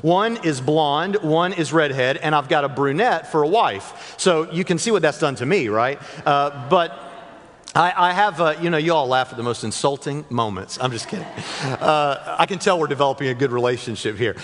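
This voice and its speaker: A man speaks from a church stage to a live audience, his fairly high voice rising and falling with animated energy. He jokes and talks straight to the listeners. Long reverb from the big hall trails after his words. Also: normal speed, slight background noise. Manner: joking, chatty, speaks directly to the crowd.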